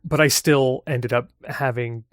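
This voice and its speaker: Smooth-voiced male podcast guest. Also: mid-range voice, unhurried, dry recording, studio quality. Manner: relaxed, thoughtful, laughs easily. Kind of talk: casual chat.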